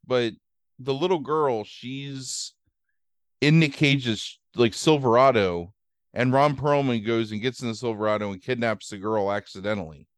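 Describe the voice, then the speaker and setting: A medium-pitched male podcast host, recorded with clean studio sound and no room sound, recaps a movie's plot. The casual chat rambles, laden with fillers, and he swears freely.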